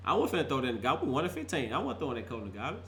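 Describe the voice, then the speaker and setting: A man's voice: mid-range voice, wildly swooping pitch, very fast, a bit bright, a little hiss or hum. A middle-aged man ranting as a fan vlogger, fired up and laughing, heavy on slang and repeating himself for emphasis. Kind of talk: animated fan rant.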